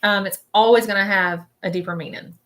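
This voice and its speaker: Speaking fairly quickly in a steady, fairly bright mid-range voice, a woman acting as a spiritual medium gives a live-stream reading. Her present-tense descriptions of visions ramble and search hesitantly, and she frequently checks in with "okay?".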